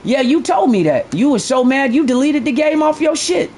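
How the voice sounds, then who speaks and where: A man's voice: extremely high pitch, expressive, normal speed, a little mellow, a little hiss or hum. Blunt, profane male game streamer. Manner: blunt, profane, repeats himself while ranting. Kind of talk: live stream commentary.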